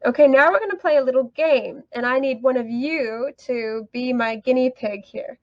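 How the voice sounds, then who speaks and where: A woman's voice: high voice, normal speed, dry recording, muffled recording. A woman teaching an online English lesson, upbeat and encouraging, praising students often.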